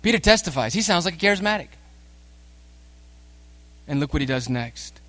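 A male preacher delivering a sermon at an everyday pitch. He drops into soft, slow stretches, then builds to loud, emphatic bursts as he calls the listeners sinners and urges them on.

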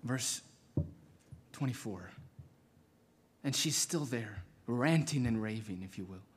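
Husky guy preaching a sermon, gets loud then drops to a whisper. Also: medium pitch, lively intonation, slow. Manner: dramatic, swinging from loud to hushed. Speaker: pastor.

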